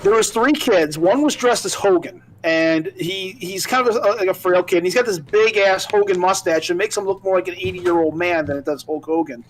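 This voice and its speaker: A man with a high voice, chatting on a casual podcast. He reminisces in a loose, rambling way, with plenty of restarts and fillers. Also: a little fast, few pauses, a little hiss or hum, low-quality recording. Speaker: podcast co-host. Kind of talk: casual chat, nostalgic recollection.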